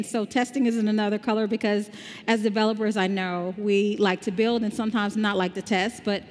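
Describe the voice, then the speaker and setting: A woman's voice: mid-range voice, flat delivery, brisk. A woman from the American South with a slight Southern drawl, giving an upbeat, conversational tech conference talk. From Southern United States. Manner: upbeat, conversational, explaining step by step. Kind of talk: conference talk with live demo. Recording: long hall reverb.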